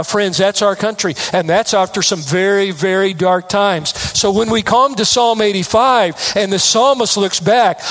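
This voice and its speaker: A man's voice: high-pitched, fairly bright tone. A man preaching a sermon from the United States, earnest and emphatic, stressing key phrases through repetition. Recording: long hall reverb.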